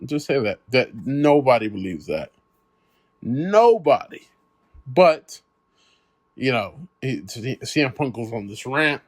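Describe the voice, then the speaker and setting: Excitable man hosting a wrestling podcast. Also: medium pitch, measured pace. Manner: excitable, retells rivals' insults with frequent laughs; emphatic, addresses the audience directly. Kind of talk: casual solo commentary.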